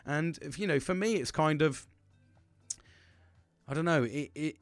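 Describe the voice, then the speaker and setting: A man talking candidly to camera in a halting, profane monologue with many restarts. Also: on the high side, dry recording, soft background music. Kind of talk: casual confessional monologue.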